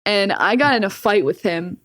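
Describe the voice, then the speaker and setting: A woman's voice: medium pitch, lively intonation, normal speed, fairly bright tone, no echo, clean studio sound. A young woman, a podcast guest, telling a personal story in casual talk, swearing freely and laughing often.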